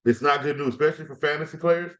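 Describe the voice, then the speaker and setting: A man hosting a fantasy football podcast, talking in an excited, casual way, repeating words and using slang. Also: fairly high pitch, rapid-fire, muffled recording. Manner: energetic, repeats words, slangy trash-talk style.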